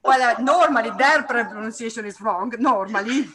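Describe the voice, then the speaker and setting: A woman's voice: on the high side, moderate pace, crowd noise. A woman chatting in an online English class, emphatic and particular about pronunciation. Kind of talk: casual class chat. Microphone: video call.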